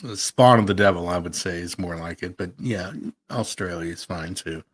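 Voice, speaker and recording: Man, stream admin, husky low voice, blunt, deadpan. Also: normal speed, no echo, studio quality. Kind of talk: casual live stream chat.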